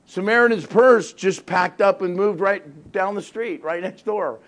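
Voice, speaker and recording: A man's voice: high-pitched, a little slow, few pauses, a bit bright. A middle-aged male pastor telling a story in a sermon, acting out both sides of the conversations and laughing often.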